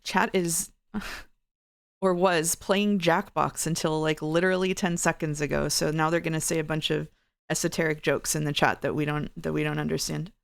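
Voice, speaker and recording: A woman's voice: sits low, steady tone, moderate pace, vocal fry, no room sound, clean studio sound. A young woman hosting a stream, chatting casually with a guest, rambling and laughing often. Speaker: streamer host.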